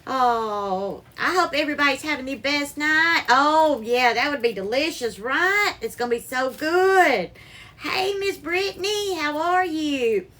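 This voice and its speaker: Woman, live-stream cooking host, high-pitched, bright voice, calls viewers darling, greets them by name, home kitchen, phone mic. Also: expressive, a little slow.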